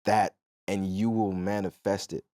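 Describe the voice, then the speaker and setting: Low-voiced young man, relaxed podcast chat. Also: unhurried, no room sound, clean studio sound. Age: young adult. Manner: relaxed, affirming, jokes easily. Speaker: podcast co-host.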